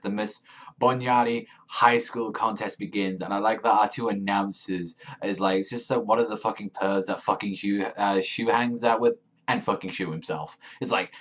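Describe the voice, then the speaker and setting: A man reviewing a manga chapter in a rambling, excitable rant full of swearing and fillers. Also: medium pitch.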